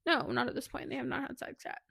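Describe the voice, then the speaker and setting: A woman co-hosting a podcast, retelling a book plot in casual, animated chat with laughs and asides. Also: high voice, fast talker, gravelly, husky. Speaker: podcast co-host.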